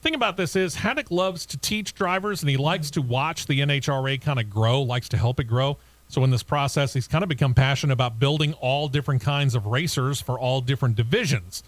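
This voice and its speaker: A man with a medium-pitched voice hosts a racing talk show, moving from reading news items to easy banter with his co-hosts. The sound is dry and close, with almost no room echo. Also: a little fast. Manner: reads news items then chats and laughs with co-hosts.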